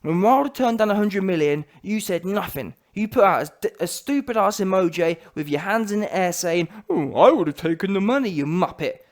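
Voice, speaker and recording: A man ranting in a heated, slangy, mocking way as a boxing commentary vlogger. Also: high voice.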